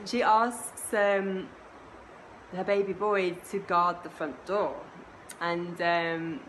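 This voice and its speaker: Slow, expressive woman storyteller. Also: medium pitch, a little hiss or hum, poor audio. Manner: unhurried and expressive, with soft laughs and asides. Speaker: kirtan and voice teacher. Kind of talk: storytelling a myth.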